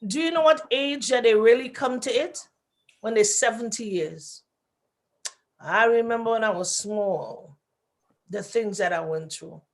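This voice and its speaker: Woman, radio talk guest, lively storyteller who plays every voice. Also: fairly high pitch, a little slow. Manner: animated storytelling, acting out quoted voices. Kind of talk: radio talk show discussion.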